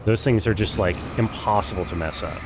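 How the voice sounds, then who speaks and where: A man's voice: on the low side, brisk, music in the background. A young man streaming a game, joking and profane in casual gameplay commentary.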